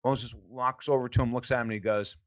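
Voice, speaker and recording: An older man, a sports psychology coach, telling lively stories in a podcast interview and acting out the quotes. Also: medium pitch, quick pace. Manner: animated storyteller, acts out quotes.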